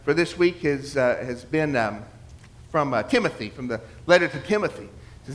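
A man delivering a sermon in a fairly high voice. He talks to the congregation directly, repeats himself for effect and throws out rhetorical questions. He drops to a near-mutter at times and then rises into loud, emphatic preaching. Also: animated, moderate pace. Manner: builds from murmured asides to loud emphatic preaching; repetitive, conversational with rhetorical questions. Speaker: pastor.

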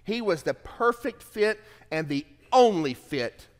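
A middle-aged man preaching a sermon as pastor, telling a family story in an earnest way and swelling louder on key phrases. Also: sits high, sing-song, measured pace. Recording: long hall reverb.

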